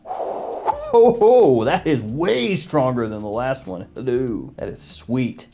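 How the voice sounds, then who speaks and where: A man's voice: mid-range voice, sing-song, measured pace, vocal fry, darkish tone, soft background music. A man giving a casual, jokey fragrance review as host, chatty and self-mocking.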